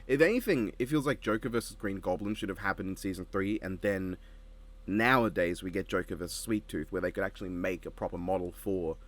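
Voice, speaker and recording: A man's voice: sits low, a little fast. Rambling Australian man, casual chat. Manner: rambling, with frequent restarts and laughs. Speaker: co-host reacting to an episode.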